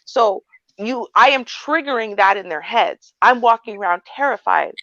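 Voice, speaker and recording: A woman co-hosting a casual livestream chat, telling stories with animated flair and acting out voices. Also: medium pitch, normal speed, dry recording, lo-fi sound. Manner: animated storytelling, acts out a sweet confused voice. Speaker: co-host.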